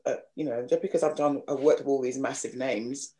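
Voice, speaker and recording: A woman from the East End of London with a slightly posh London accent, a singer hosting a casual podcast chat, halting and repeating words as she talks. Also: extremely low pitch, fairly even intonation, warm tone. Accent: London, slightly posh with a Cockney edge. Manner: halting, repeats words, many 'you know's.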